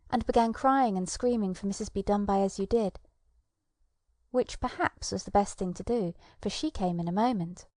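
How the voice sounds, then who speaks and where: A woman reads a children's storybook in a mellow, soft-edged voice, gentle and storytelling. She sits close to the mic in a dry space with no room sound. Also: on the high side, no echo. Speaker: audiobook narrator. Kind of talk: scripted narration of a children's storybook.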